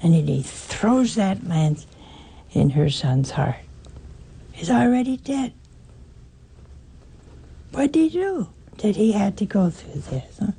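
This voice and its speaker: A woman's voice: medium pitch, lively intonation, slow pace, gravelly, pauses often, warm tone, breathy edge. An older woman preaching a sermon, emphatic, asking rhetorical questions and repeating her phrases.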